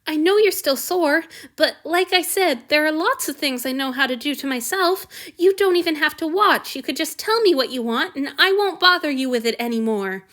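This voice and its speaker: A woman's voice: high-pitched, sing-song, unhurried, a bit bright, voice pushed up, exaggerated voice. A woman reading aloud, voicing a meek, devoted young male servant who pleads and abases himself. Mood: eager. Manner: pleading, self-abasing. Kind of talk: audiobook reading.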